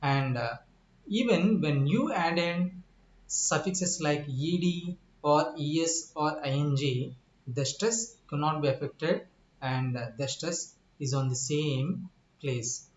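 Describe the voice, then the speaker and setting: A man teaching English word stress in a recorded lecture, explaining slowly with many pauses, repeating himself, spelling out letters and asking the listener questions. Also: fairly high pitch, a little hiss or hum. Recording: echoey room.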